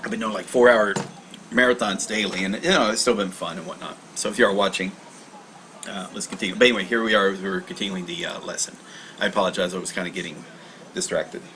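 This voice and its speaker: Low-voiced man explaining a lesson. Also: fairly even intonation, fast, sharp tone, a little hiss or hum, poor audio. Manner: rambling, self-correcting, reading aloud and explaining. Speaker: livestream study host. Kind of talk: casual livestream lesson.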